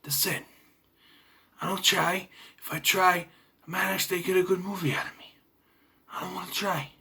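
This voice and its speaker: A man doing an impression of a deadpan middle-aged male action star, speaking in a flat, half-whispered mumble. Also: sits high, moderate pace, creaky, husky, exaggerated voice. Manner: deadpan, lazy, unbothered.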